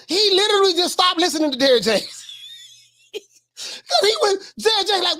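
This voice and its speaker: A woman hosting a live stream, reacting to a video with excited commentary. She laughs often and repeats her phrases. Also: very high voice, normal speed.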